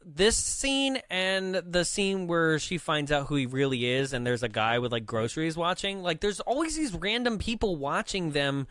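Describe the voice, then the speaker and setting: A man's voice: a little high, lively intonation, normal speed, few pauses, a bit bright, no room sound. A man co-hosting a podcast, animatedly recapping a movie in casual chat, often tagging "right?" and laughing. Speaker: podcast co-host.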